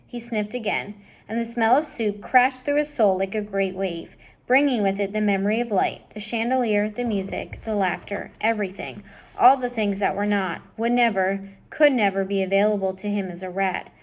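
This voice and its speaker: A woman's voice: mid-range voice, moderate pace. A woman reading a children's novel aloud expressively, addressing the listener directly. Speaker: storybook reader.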